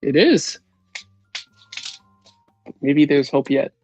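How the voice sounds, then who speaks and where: A man hosting a casual live stock chat, with a nasal voice, laughing often and asking quick questions. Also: fairly high pitch, sing-song, a little mellow, faint music behind. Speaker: host.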